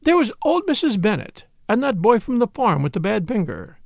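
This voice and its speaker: A brisk, gossipy middle-aged spinster, put on by a man reading aloud, pitched noticeably above his own voice. She sounds complacent and self-important, every remark knowing and sure of itself, with a lively, bouncing delivery and a slight gravel at the edges. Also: no room sound, clean studio sound, exaggerated voice. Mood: self-satisfied. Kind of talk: audiobook character voice.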